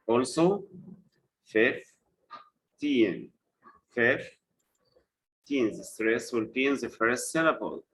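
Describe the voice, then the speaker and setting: A male English teacher gives a live online lesson at an unhurried pace. He repeats key words for his students and moves between English and as he explains. His voice sits at an ordinary middle pitch. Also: fairly bright tone, poor audio. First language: Arabic.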